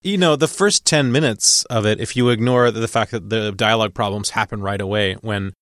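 A man's voice: lowish voice, a little fast, fairly bright tone, no echo. Wry chuckling man, dry close mic. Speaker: podcast co-host. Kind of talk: casual film review chat.

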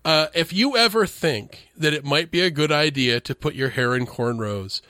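A man co-hosting a casual movie review podcast, talking in a sarcastic, animated way with plenty of swearing. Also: fairly high pitch, normal speed, dry recording. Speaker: podcast co-host.

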